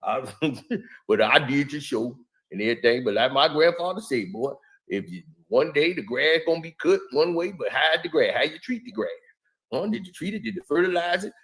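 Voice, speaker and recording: A man's voice: fairly high pitch, animated, brisk, a bit bright, pitched below the performer's own voice. A man doing an impression of a boastful older male sports pundit, mumbling as if he has marbles in his mouth and lecturing with folksy sayings. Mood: taunting.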